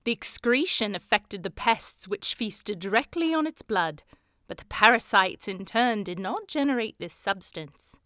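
A woman voicing a calm, precise Victorian male detective who speaks in a measured, lecturing way. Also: medium pitch, no echo, clean studio sound. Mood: explaining. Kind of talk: audiobook character voice.

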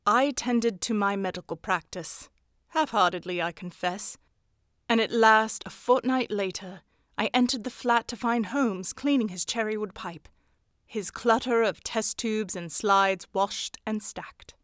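A woman narrating a story in a steady, even storytelling manner. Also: medium pitch, unhurried, dry recording, clean studio sound. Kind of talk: scripted audiobook narration.

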